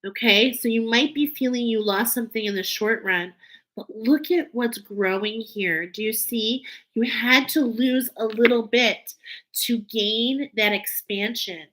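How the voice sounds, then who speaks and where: A woman's voice: fairly high pitch, a bit bright, rough recording. A woman giving an emotional, earnest spiritual oracle card reading, teary at times.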